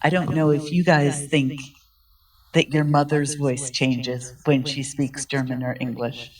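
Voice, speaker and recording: A man talks slowly and thoughtfully at a middle pitch. He is picked up from some distance. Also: little pitch movement, a crowd in the background. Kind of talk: personal comment in a discussion. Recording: distant mic.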